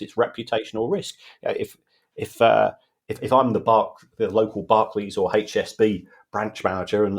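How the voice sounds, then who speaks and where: A man's voice: fairly low pitch, darkish tone. A man, co-hosting a podcast and patiently explaining football finance with everyday examples in casual chat. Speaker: football finance expert co-host.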